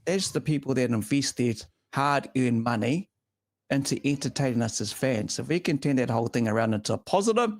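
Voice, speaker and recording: A man's voice: mid-range voice, lively intonation, brisk, dry recording. A man hosting a casual motorsport chat show, speaking in long, emphatic, opinionated runs. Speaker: show host.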